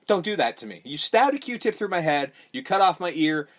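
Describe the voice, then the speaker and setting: A man's voice: a little high, brisk. A man hosting a podcast, recapping a horror movie in casual, profane chat and acting out characters' lines as he goes. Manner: animated, profane, mimics characters mid-story. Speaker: podcast host.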